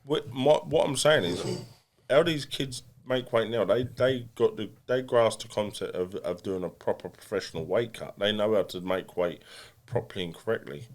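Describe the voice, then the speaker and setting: Man, English accent, lowish voice, blunt, self-mocking, stop-start phrasing, podcast guest. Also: normal speed, few pauses. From England. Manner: blunt and self-deprecating, with many restarts. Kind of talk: casual podcast interview.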